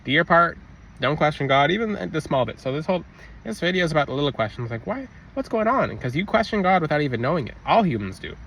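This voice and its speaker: A young man with a bright, forward voice talks through his ideas about faith in a loose, rambling vlog style. He circles back on himself, restarts phrases and leans on fillers as he goes. A faint hum of traffic sits behind him. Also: on the high side, sing-song, fast talker, low-quality recording. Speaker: vlogger. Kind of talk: casual spiritual vlog talk.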